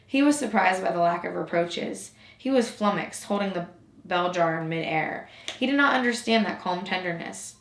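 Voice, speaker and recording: A woman narrating a storybook aloud in a gentle, even storytelling manner. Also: lowish voice, normal speed. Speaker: storybook reader. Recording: roomy echo.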